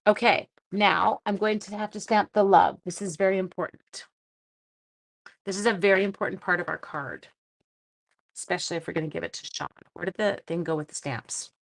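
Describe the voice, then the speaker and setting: Her mid-range voice has vocal fry and fairly even intonation, moving at normal speed. She's a Canadian card-making livestreamer, casually chatting as she crafts, calling out viewers by name and talking through her thoughts.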